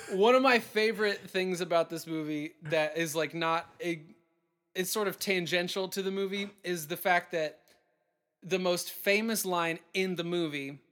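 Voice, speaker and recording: A man hosting a comedy podcast game show, chatting in a playful, rambling way with quick laughs. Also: sits high, fairly bright tone. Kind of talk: casual comedy podcast chat.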